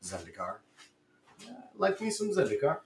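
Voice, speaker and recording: A man's voice: fairly high pitch, wildly swooping pitch, normal speed. A man co-hosting a casual livestream, laid-back and joking. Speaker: livestream co-host. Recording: echoey room, mic at a distance.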